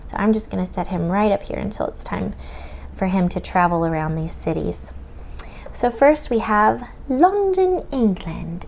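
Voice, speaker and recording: An American woman tutoring children through a map lesson, in a slow sing-song manner that sometimes drops to a whisper. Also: medium pitch, creaky, a little mellow, a little hiss or hum. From United States. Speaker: homeschool tutor teaching children.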